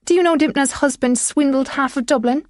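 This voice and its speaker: A woman narrator voicing a sharp-tongued, scornful wealthy older widow and mother in an audiobook. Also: normal speed, no room sound, studio quality, close to an everyday voice. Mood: shrill. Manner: shrill and scornful.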